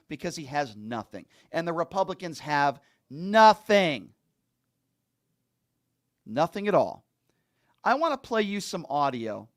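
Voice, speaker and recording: A male host delivering an angry political commentary rant, insulting and heavily emphatic. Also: on the high side.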